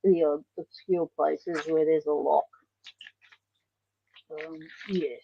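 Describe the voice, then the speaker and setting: A woman's voice: sits low, steady tone, takes it slowly, vocal fry, pauses often, husky, no echo. An Australian woman hosting a casual livestream, chatting in a rambling way and answering viewer comments. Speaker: livestream host. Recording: dull lo-fi stream audio.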